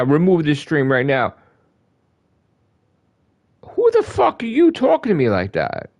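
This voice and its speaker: Heated, profane gravelly-voiced man. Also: measured pace, pauses often. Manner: heated, profane, repeats himself; animated, swings from loud to low. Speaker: gaming livestreamer. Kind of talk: ranting live stream chat.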